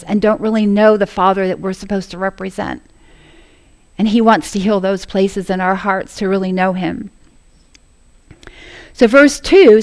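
A woman preaching a sermon to a congregation, earnest and laughing often as she speaks. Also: mid-range voice.

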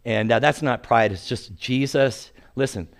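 A man in his sixties, a pastor, telling humorous stories in a lively sermon. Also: medium pitch, a little slow. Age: 60s. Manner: humorous, animated storyteller. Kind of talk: sermon with storytelling.

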